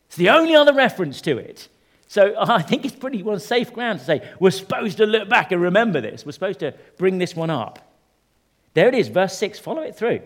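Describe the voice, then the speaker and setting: A man preaching a sermon, talking conversationally with the congregation and swinging from soft, low remarks to loud, emphatic rises. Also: sing-song, normal speed.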